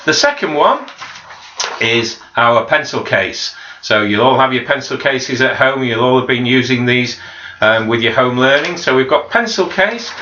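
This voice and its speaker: A primary school teacher with a mid-range, sharp-toned voice gives children a home-learning video lesson, patiently modelling each word and repeating it. The home recording is slightly dull and roomy, with a little background noise.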